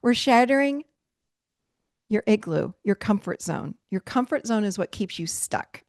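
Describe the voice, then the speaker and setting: A middle-aged woman coaching a virtual mastermind group, emphatic and animated, laughing often as she teaches over a video call. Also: mid-range voice, measured pace, no echo, studio quality. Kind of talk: live motivational teaching.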